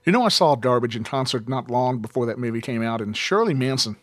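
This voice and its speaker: A man's voice: mid-range voice, expressive, fast, faint music behind. A man hosting an online radio show, giving a casual, joking review full of "uh" fillers and side tangents. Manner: rambling and joking, with many "uh" fillers. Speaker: online radio host reviewing home video releases.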